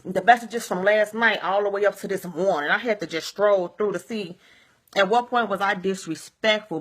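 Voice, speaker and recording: Bright-voiced woman ranting on a home vlog. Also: mid-range voice, breathy edge. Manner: rambling and repetitive, keeps saying "you see what I'm saying", swears freely. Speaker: vlogger. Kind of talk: casual vlog rant. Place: at home at day's end, sage and candles burning.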